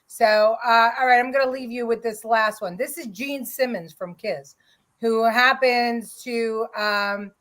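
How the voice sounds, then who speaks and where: A woman's voice: fairly high pitch, a little slow, a bit bright. A woman hosting a live political talk show, speaking casually with hesitations as she sets up a clip.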